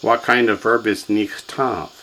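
A man's voice: fairly low pitch, steady tone, measured pace, a bit bright, slight background noise, low-quality recording. A man teaching a classroom lesson, drilling students with repetition and quiz questions. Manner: drills students, has them repeat words, quizzes them. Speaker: language teacher.

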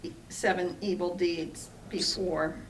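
A female student reads aloud in a class with a soft, hesitant voice. She goes very slowly and sounds out each word carefully. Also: on the low side, steady tone, slight background noise, poor audio.

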